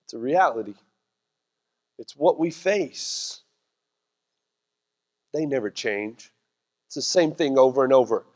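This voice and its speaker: A man's voice: medium pitch, lively intonation, takes it slowly, pauses often, a little mellow. A middle-aged man, preaching a sermon in a casual, joking, conversational way. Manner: conversational, jokey preaching with voiced asides. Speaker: pastor. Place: church sanctuary. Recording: church hall reverb.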